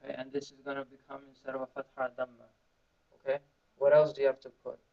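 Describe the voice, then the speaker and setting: A man's voice: medium pitch, completely flat delivery, fast talker. A man teaching beginners Arabic in a classroom, drilling students with call and response. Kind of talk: classroom lesson. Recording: muffled lo-fi classroom recording.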